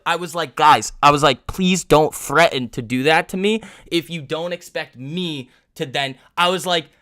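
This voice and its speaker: A young man, casually telling a rambling story on a livestream, often breaking off and laughing. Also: medium pitch. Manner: rambling, animated storytelling with laughs and self-interruptions. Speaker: livestream trading host.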